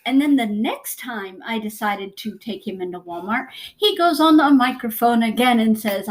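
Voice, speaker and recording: A woman's voice: on the high side, lively intonation, normal speed, few pauses. A young woman co-hosting a podcast, telling blunt stories in casual chat and laughing often. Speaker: podcast co-host.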